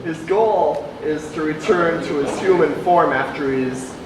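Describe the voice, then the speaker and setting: Eager male fan at a panel, mid-pitched, echoey crowded hall, far from mic. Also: a little slow, a loud crowd. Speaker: fan asking a question.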